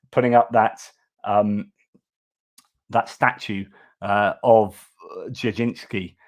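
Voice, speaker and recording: A man's voice: on the low side, a little mellow. A man hosting a news livestream, giving casual commentary in a chatty, informal way with many fillers and restarts.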